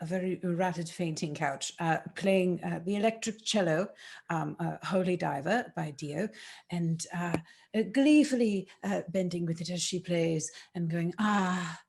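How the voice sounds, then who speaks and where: A woman's voice: fairly low pitch, measured pace, creaky, a little mellow, slightly rough. A woman player describing her character's actions hesitantly, with many fillers.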